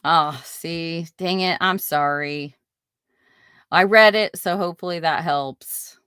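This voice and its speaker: Indignant low-voiced woman hosting a live stream. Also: slow pace, a bit bright, clear, resonant tone, no room sound, clean studio sound. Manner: chatty, reads viewer comments aloud, indignant. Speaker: podcast host. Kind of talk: casual live-stream commentary.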